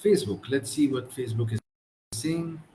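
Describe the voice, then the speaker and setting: A man with an Indian English accent hosting a casual live-stream talk, chatting loosely and slipping in quick Hindi asides. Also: medium pitch, mellow. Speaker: host of a live productivity talk. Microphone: live stream from computer. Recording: roomy echo, faint background noise.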